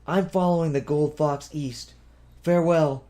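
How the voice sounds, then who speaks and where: A man's voice: a little high, steady tone, a little slow, dark tone, voice pushed up, lightly acted. A man voicing a determined, blunt young woman who speaks firmly and decisively. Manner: firm and decisive.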